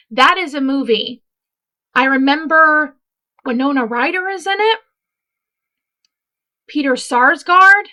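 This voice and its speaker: A woman's voice: sits high, sharp tone. A woman hosting a casual true-crime commentary, chatty and emphatic, wandering off into asides. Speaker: host.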